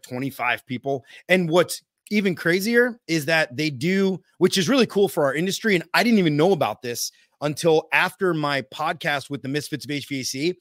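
Male podcast host, slightly high voice, excitable, profane rambling, dry close sound. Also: no room sound. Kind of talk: casual podcast chat.

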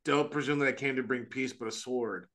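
Speaking in a medium pitch, a man who is an Orthodox priest chats casually about religion on a podcast, earnest and animated, often restarting sentences, tossing in quick asides, and performing quoted voices.

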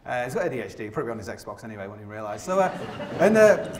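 Fast-talking, self-mocking man in an echoey theatre. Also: medium pitch, big pitch swings, background noise. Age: 40s. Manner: rambling, self-deprecating, heavy with fillers. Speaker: mountaineer giving a live talk. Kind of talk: live comic storytelling to an audience. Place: opera house stage.

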